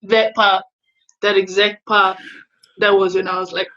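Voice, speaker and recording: A woman's voice: mid-range voice, little pitch movement, unhurried, sharp tone, lo-fi sound. A young woman chatting casually with her brother and a friend, giggly and enthusiastic. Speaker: guest, host's sister. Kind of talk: casual chat with family.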